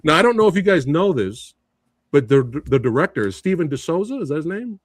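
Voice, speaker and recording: A man's voice: a little high, a little fast, no echo. Middle-aged guy gushing about movies, laughs a lot, voice bounces all over, dry room. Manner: animated, laughing often, quoting lines. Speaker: podcast co-host. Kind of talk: casual movie debate chat.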